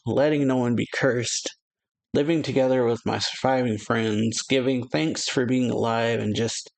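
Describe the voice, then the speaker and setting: A man's voice: mid-range voice, gravelly. A man reading a wistful teenage girl. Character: sixteen-year-old girl, wistful and guarded.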